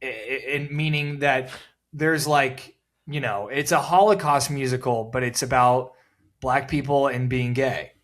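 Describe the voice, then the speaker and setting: A young man co-hosting a podcast, telling stories in a rambling, deadpan way, full of fillers. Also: medium pitch, unhurried. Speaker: podcast co-host. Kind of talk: casual chat.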